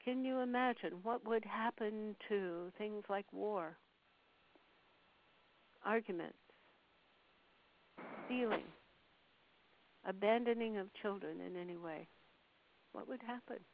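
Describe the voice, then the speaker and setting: Slow-spoken woman on a tinny phone line. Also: medium pitch. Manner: slow, measured, soothing delivery with long pauses. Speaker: channeler relaying a spirit's words. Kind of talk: slow spiritual channeling on a call. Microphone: phone call.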